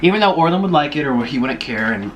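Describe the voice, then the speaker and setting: A young man telling a rambling story to the camera while eating, pausing to chew between stories. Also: fairly high pitch, lively intonation, a little hiss or hum. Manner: chatty, rambling, with chewing and food noises between stories. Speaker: vlogger. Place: home room, sitting at a table.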